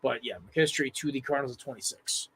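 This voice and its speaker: A young man hosting a casual sports podcast, upbeat and quick, laughing often. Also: mid-range voice, a bit bright, slightly rough, no room sound. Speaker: podcast host running a mock draft.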